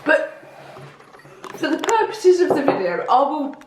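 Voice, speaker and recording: A woman's voice: sits high, big pitch swings, a little slow, noisy background. A woman chats casually at home, answering with dry, teasing remarks. Her voice moves up and down a lot. The room is echoey. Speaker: family member on camera. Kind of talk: casual chat.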